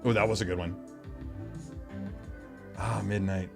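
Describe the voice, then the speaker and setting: A man's voice: sits low, steady tone, unhurried, vocal fry, over music. A middle-aged man hosting a live stream, chatting casually, rambling and answering viewers' comments.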